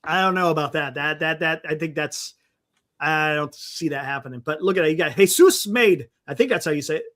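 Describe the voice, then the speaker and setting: A man's voice: fairly high pitch, fairly quick, fairly bright tone. A man hosting a casual sports talk livestream, thinking aloud and reading names off a list in a rambling way. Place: home livestream setup. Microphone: desktop mic on a live stream.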